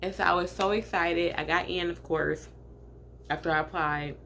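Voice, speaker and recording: A woman's voice: lowish voice, steady tone, normal speed, gravelly, fairly bright tone, slight background noise. A woman in her late twenties from Michigan, telling a personal story to her viewers in a chatty, filler-heavy way. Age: late 20s. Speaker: vlogger. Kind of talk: storytime vlog.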